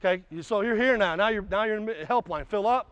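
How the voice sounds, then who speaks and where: High-voiced coach barking drills. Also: male voice, fast, smooth, dry recording. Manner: barks short commands, shouts during drills; blunt, profane, folksy explanations. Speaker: basketball coach. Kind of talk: coaching clinic with live drills. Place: gym. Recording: dull, slightly lo-fi sound.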